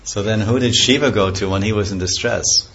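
A man telling a scripture story as a lecture, animated, acting out characters' voices and laughing often. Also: fairly low pitch, a little fast, husky. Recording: dull lo-fi recording with faint ambience.

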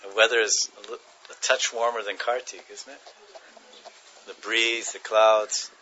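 A man's voice: lowish voice, steady tone, unhurried, pushed and bright, dull audio. A man giving a devotional class, chanting verses, translating them and chuckling as he tells stories. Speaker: spiritual teacher.

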